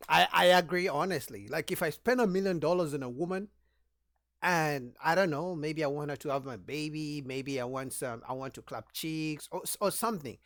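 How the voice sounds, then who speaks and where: A man with a slightly high voice gives his point of view in a relaxed way on a debate panel. He works through examples as he talks. The sound is dry and close. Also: normal speed, dry recording. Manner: casual, explains by giving examples, often agrees. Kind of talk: heated group debate.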